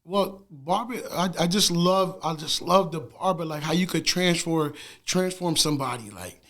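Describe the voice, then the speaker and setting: Casual male podcast guest with a high voice, lively and quick to laugh. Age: adult with wife and two sons. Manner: animated, laughing storyteller with slang fillers. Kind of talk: casual interview chat.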